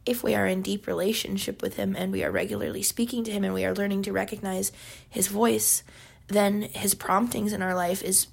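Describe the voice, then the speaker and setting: A woman with a husky, slightly gravelly voice co-hosts a relaxed faith conversation. She explains her points expressively and leans on everyday examples. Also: medium pitch, fairly quick. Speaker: podcast co-host. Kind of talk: casual faith chat.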